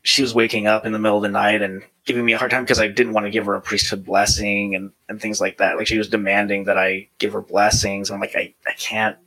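Guy with a bright tense voice telling his story, animated, quotes himself a lot. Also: lowish voice, quick pace, few pauses, rough recording. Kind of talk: casual conversation.

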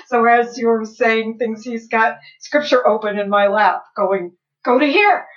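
A woman's voice: on the high side, fairly even intonation, measured pace. Woman chatting about the past, says right a lot, kinda muffled audio. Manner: conversational, frequent "right?" tags. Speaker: guest. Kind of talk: casual conversation.

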